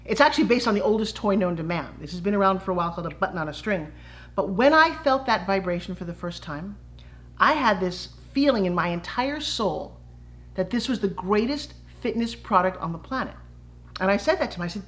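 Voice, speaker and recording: A middle-aged woman, a fitness entrepreneur, telling her personal story to camera in a lively way and acting out the quoted voices. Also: medium pitch, fairly quick. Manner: animated, acts out quoted voices.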